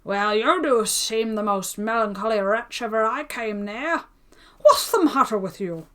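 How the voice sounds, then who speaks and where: A woman's voice: on the high side, expressive, a little slow. A woman doing a pompous chatty tailor. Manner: chatty, self-important, exclaiming. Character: pompous gossiping male tailor.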